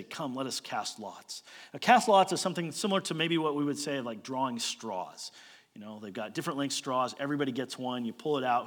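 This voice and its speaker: A man preaching a sermon as a storyteller, posing rhetorical questions and moving between loud emphasis and quiet asides. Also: medium pitch. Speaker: pastor. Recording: long hall reverb.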